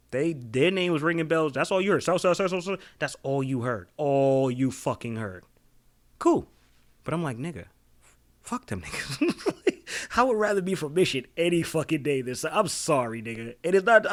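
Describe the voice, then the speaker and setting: An animated young man from tells stories on a casual podcast. His voice sits a bit high and swings widely in pitch as he acts out other people's voices. He swears freely and laughs often. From Boston. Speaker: podcast co-host. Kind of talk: casual storytelling chat.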